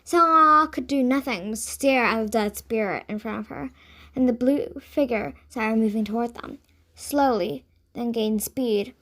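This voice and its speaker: A woman narrating a children's storybook aloud, reading in an expressive, high voice. Her narration moves along with clear storytelling emphasis. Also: unhurried. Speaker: audiobook reader.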